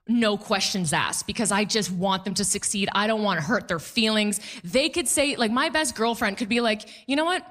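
A woman performing a stand-up comedy set before a live audience, quick and playful, mocking the people she quotes. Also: medium pitch, fairly bright tone.

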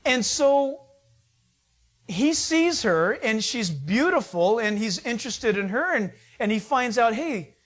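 A man's voice: extremely high pitch, animated, slow, a bit bright. A man preaching a sermon, retelling the story in a casual, conversational way and acting out the people's lines. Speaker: pastor.

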